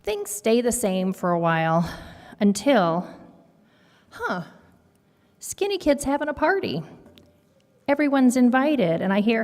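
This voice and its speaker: Woman reading to kids at a service, unhurried, expressive, echoing hall. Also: on the high side. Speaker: children's story reader at a worship service. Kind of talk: reading a picture book aloud. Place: congregation sanctuary. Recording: long hall reverb.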